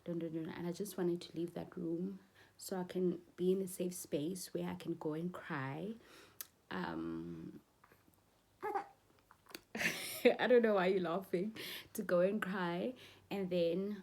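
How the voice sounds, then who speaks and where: A woman's voice: lowish voice, gravelly, a little mellow. Emotional South African woman vlogger. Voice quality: emotional, halting, mixes in Xhosa phrases. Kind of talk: personal storytelling vlog.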